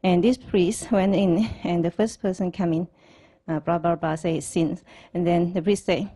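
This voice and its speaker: A woman's voice: fairly low pitch, steady tone, normal speed, dark tone. A woman telling a joke to a group in simple phrasing, chuckling as she goes.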